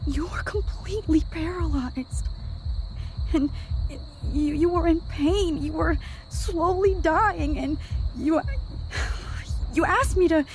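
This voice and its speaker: Woman voicing nervous teen heroine, high voice, halting delivery, light crickets. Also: slight background noise. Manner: hesitant, stammering. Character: anxious teen girl time traveler. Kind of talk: game voice acting.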